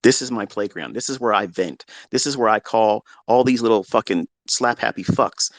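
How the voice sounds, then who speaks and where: A middle-aged man, a trading mentor, speaking in a profane, combative rant from his home basement, moving between low musing and shouting. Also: normal speed, dry recording. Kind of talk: unscripted rant to listeners.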